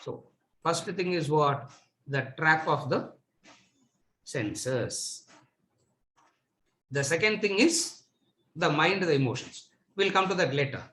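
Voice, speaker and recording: A man's voice: on the high side, lively intonation, slow, pauses often, pushed and bright. A man teaching a spiritual lecture to a seated audience, asking rhetorical questions and repeating words for emphasis. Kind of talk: lecture on scripture. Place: lecture room with live audience. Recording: echoey room.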